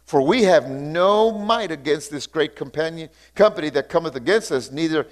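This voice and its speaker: A man with a high voice preaching a sermon. He reads scripture aloud and comments on it, stretches key words slowly for emphasis, and throws in hallelujahs and call-outs to the church. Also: animated. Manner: sudden stretches of slow, drawn-out emphasis. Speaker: pastor.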